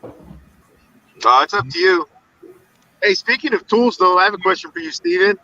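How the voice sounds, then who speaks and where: A man's voice: sits high, animated, a little slow, bright, forceful tone, distant mic, lo-fi sound, slight background noise. A man on a livestream, talking in a friendly way with many restarts while riding in a car as a passenger. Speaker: guest YouTuber on livestream. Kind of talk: casual livestream chat.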